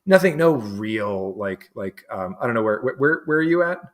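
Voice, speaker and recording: A man from New England, a guest in a casual conversation, who talks haltingly with many restarts and fillers. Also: mid-range voice, lively intonation. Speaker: interview guest.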